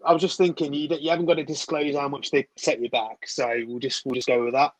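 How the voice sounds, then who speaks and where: A man's voice: fairly high pitch, level tone, quick pace, no echo, poor audio. A young man co-hosting a casual chat, with laid-back banter and the odd swear word. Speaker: co-host.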